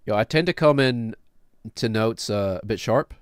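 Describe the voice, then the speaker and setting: A man's voice: lowish voice, normal speed, clean tone, no echo, clean studio sound. A man in his late thirties, a streamer explaining his own music production in a casual, rambling, self-deprecating way and laughing often. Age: late 30s.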